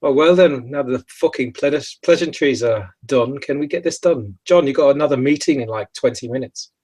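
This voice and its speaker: A man's voice: mid-range voice, moderate pace, a little mellow, slightly rough, voice pushed up, natural voice. A man voicing a rude, impatient young man who speaks brashly and mockingly.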